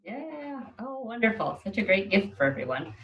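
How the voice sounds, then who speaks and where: A woman's voice: mid-range voice, sing-song, normal speed, lo-fi sound. A woman hosting an online summit interview, answering her guest with short, supportive affirmations. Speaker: summit host. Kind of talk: interview over video call.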